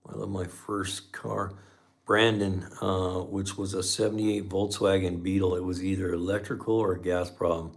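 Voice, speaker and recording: A man's voice: deep voice, little pitch movement, moderate pace, creaky. A middle-aged man hosting a live stream as a mechanic, chatting casually with viewers and telling folksy shop stories. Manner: folksy storyteller, says man a lot.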